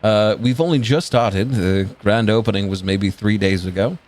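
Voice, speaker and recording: A man voicing a formal, reserved male servant and driver who speaks politely and haltingly. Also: on the low side, darkish tone, lightly acted. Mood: courteous.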